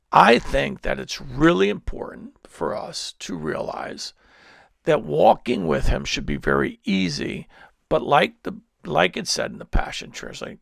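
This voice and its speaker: A man's voice: fairly high pitch, creaky, fairly bright tone, no room sound, studio quality. A male pastor preaching a sermon at a church service, telling stories in a rambling way with many restarts.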